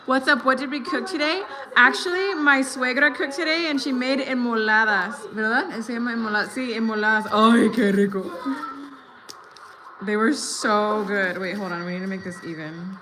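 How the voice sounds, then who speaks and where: A woman's voice: on the high side, normal speed, background noise. A woman in her thirties with an American accent, chatting casually on a live stream, switching between English and Spanish and greeting viewers. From United States. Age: 30s. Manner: relaxed, hesitant with fillers while crafting. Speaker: livestreaming vlogger.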